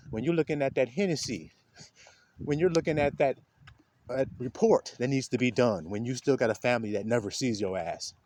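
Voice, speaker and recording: This spiritual speaker is a man with a somewhat high voice who preaches in an informal, blunt, streetwise style. He's animated and laughs often, and there's slight background noise.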